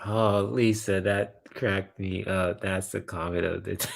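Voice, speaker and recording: A man's voice: low-pitched, fairly even intonation, slow, creaky. A man hosting a late-night live stream, reading viewer comments aloud, laughing often and teasing playfully, a little sleepy. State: sleepy, yawning. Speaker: livestream host.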